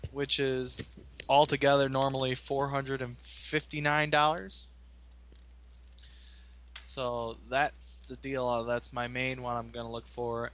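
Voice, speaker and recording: A laid-back male podcast co-host with a bright, forceful voice. He chats casually and laughs easily. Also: mid-range voice. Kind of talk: casual chat.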